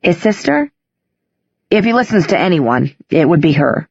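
A woman's voice: lowish voice, very animated, normal speed, creaky, darkish tone, breathy edge, dry recording, highs cut off, exaggerated voice. Woman voicing an awkward hesitant young man.

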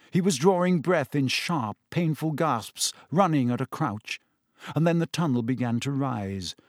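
A man narrates a storybook in a measured, suspenseful way. His voice sits in a middle register, and the recording is dry and close with no room sound. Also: medium pitch, no echo. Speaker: audiobook narrator. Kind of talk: scripted narration.

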